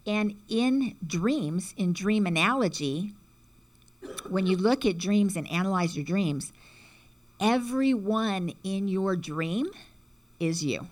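A woman's voice: medium pitch, expressive, takes it slowly. A woman giving a casual spiritual talk, chatting along and often checking in with "right?". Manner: chatty, frequent "right?" checks, acts out quotes. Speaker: teacher explaining symbolism.

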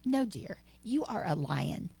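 A woman voicing a motherly lioness in a spoken parable, gently insistent and coaxing. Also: on the low side, sing-song, takes it slowly, gravelly, breathy edge, full character voice. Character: motherly female lioness, firm and patient.

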